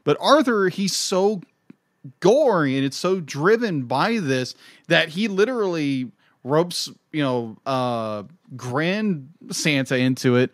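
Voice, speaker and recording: A man's voice: fairly high pitch, expressive, slow, no room sound, clean studio sound. A young man co-hosting a podcast, chatting about a film with enthusiasm, laughing often and acting out quotes. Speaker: podcast co-host. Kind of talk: casual film review chat.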